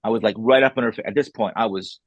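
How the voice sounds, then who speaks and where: A man's voice: on the low side, fast talker, slightly rough, no room sound, lo-fi sound. A man talking as an author and podcast guest, telling a story casually, acting out what people said, with blunt, salty wording. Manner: animated, re-enacts dialogue, blunt and salty.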